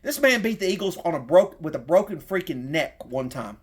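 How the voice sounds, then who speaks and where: A man's voice: a little high, very animated, a little fast, breathy edge. A middle-aged man with a Southern accent delivering a heated, profane sports rant as a fan content creator.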